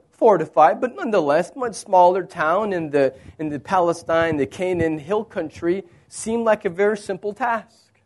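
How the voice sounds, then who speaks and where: A male pastor preaching a sermon, moving between plain explanation and dramatic readings of quoted lines. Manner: expressive preaching, acts out quoted lines with rising pitch.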